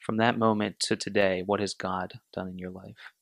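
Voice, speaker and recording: A man's voice: deep voice, level tone, normal speed, creaky, a bit bright, dry recording. A man hosting a podcast, speaking in an encouraging, affirming way. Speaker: podcast host. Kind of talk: casual podcast chat.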